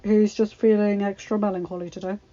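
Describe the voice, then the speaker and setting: A woman voicing a devoted young husband and emperor, speaking softly and steadily. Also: a little fast, dull audio, close to an everyday voice. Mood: gentle. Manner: soft, low-key, steady.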